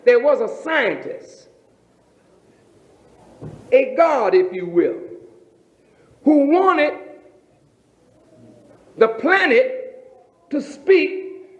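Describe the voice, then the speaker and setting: A man preaching as a minister, emphatic, with rhetorical questions and drawn-out phrasing. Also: extremely high pitch, sing-song. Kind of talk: sermon. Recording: roomy, dull lo-fi recording.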